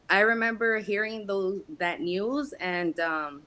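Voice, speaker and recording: A woman guest in an interview, telling her life story frankly with streetwise slang and halting pauses. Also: mid-range voice, sharp tone, low-quality recording. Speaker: guest, casting company founder. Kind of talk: candid personal storytelling in interview.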